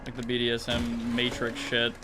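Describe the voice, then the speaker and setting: A man's voice: medium pitch, completely flat delivery, moderate pace, over music. A man streaming a video game and chatting casually, rambling, swearing often and laughing easily. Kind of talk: casual chat.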